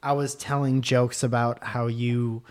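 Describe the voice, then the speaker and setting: A young adult man, a comic and podcast co-host, telling stories in casual chat with a teasing, profane, animated manner. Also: medium pitch, a little slow.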